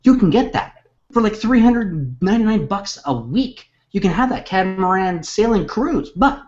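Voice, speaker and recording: A man presenting a hyped sales webinar in a jokey, excitable way, over dull lo-fi audio. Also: normal speed. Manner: excitable, jokey, big swings in pitch.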